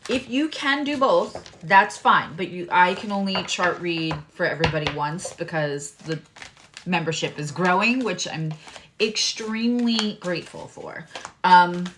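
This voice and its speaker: A woman hosting a live tarot and astrology reading in a chatty, candid way, swearing freely and now and then dropping into hushed asides. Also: fairly low pitch, a little slow, noisy background.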